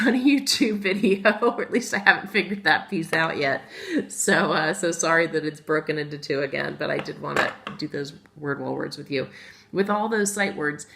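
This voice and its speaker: A woman's voice: low-pitched, vocal fry, a bit bright. A middle-aged woman teaching a phonics lesson to young children, talking to them directly and patiently spelling words out letter by letter. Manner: talks directly to children as guys.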